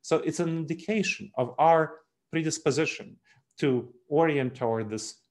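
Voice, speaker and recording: A man giving a presentation on unconscious bias, emphatic and lively, with small laughs and asides. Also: a little high, normal speed. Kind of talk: presentation talk.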